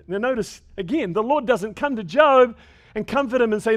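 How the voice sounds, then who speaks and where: Preaching man with a fairly high voice. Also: very animated, normal speed. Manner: dynamic preaching, rising and falling sharply in loudness. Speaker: pastor. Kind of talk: sermon.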